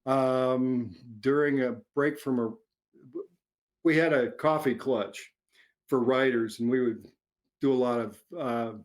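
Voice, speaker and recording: A middle-aged man, an author answering interview questions in a relaxed way, chuckling often and restarting his sentences as he rambles. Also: mid-range voice, takes it slowly. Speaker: author guest. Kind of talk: casual interview chat.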